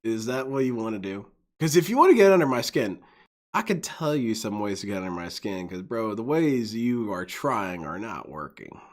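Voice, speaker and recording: A man streaming a video game, chatting, laughing a lot and rambling excitably. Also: fairly low pitch, moderate pace. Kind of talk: let's play commentary.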